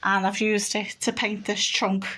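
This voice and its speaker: A woman's voice: medium pitch, little pitch movement, a little slow, sharp tone. A middle-aged woman, chatting casually on her home vlog, rambling and homely as she shows things around her house on a handheld camera. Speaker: vlogger.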